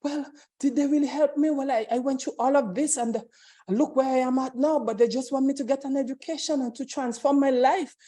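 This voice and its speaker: A woman acting out a troubled teenage girl stuck in the care system, voice raised a little high and kept warm and mellow as she keeps pleading and asking who is helping her. Her questions come anguished and searching. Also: steady tone, a little fast.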